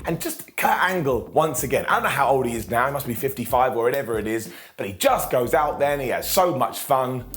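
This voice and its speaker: A man's voice: medium pitch, animated, a little fast, few pauses, a bit bright. A man reviewing a wrestling show in a joking, sarcastic way, often quoting people in mock voices. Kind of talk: animated wrestling recap.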